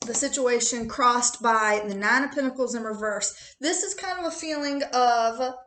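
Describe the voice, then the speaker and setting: A woman's voice: on the high side, normal speed, fairly bright tone, reverberant. A chatty woman with a rural American accent, reading tarot cards in a casual, joking, profane way. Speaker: tarot reader.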